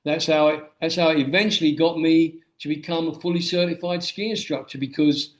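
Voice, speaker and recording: A man with a slightly high voice tells his life stories with energy, slipping into the voices of the people he quotes. His speech sits in a noticeably echoey room. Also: a little fast. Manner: animated storyteller who acts out quoted dialogue. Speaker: guest, memoir author. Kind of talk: storytelling interview answer. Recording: roomy echo.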